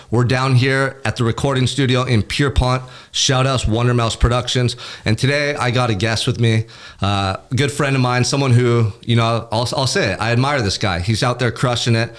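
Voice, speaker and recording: A man's voice: medium pitch, normal speed. A man hosting a podcast from a recording studio, introducing his guest in a fired-up, motivational way and swearing bluntly. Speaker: podcast host.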